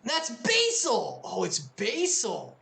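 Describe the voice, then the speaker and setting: Expressive young woman game streamer. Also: a little high, slow, gravelly, reverberant, a little hiss or hum. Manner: reactive and expressive, reads dialogue aloud. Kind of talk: game playthrough commentary.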